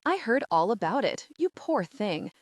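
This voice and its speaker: A woman playing an effusive mid-Atlantic designer, earnest young woman, lively pitch, dry sound. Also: unhurried, dry recording. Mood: gushing. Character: earnest, gushing young female interior designer.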